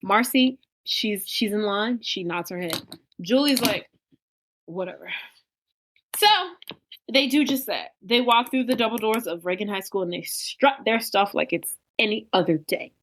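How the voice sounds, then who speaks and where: A woman's voice: mid-range voice, normal speed. A woman co-hosting a podcast, recapping a film in casual chat and acting out the characters' lines. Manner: animated, acts out character quotes. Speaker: podcast co-host.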